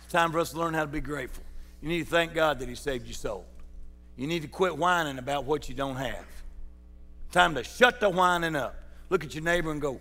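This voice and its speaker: A man preaches in a church sanctuary, his fairly high voice ringing with a long reverb. He keeps it folksy and calls out to people in the pews. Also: brisk, bright, forceful tone. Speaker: pastor. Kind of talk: sermon.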